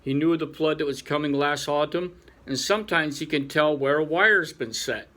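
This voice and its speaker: A man's voice: on the high side, moderate pace, bright, forceful tone. A man voicing a polite, earnest young male rabbit in a storybook reading, speaking deferentially.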